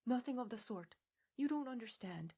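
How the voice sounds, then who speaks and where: A woman's voice: a little high, animated, moderate pace, mellow, husky, pitched above the performer's own voice. A woman voicing an earnest male mole who cuts in insistently. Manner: insistent, talking with mouth full.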